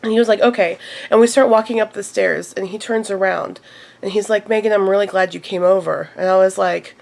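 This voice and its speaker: A woman's voice: mid-range voice, fairly even intonation, brisk, gravelly, a little mellow. A young woman in her twenties telling stories to camera in a casual vlog, laughing often and quoting people in a raised voice. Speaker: vlogger.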